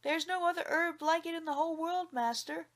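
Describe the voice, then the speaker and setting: Clever poor young man, calm, polite, sly, high voice, a woman doing him, storybook. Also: brisk.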